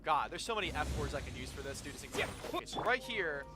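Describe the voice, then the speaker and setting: Brief: excitable male gamer, high voice, rambling play-by-play, music under. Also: quick pace. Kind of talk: casual gaming commentary.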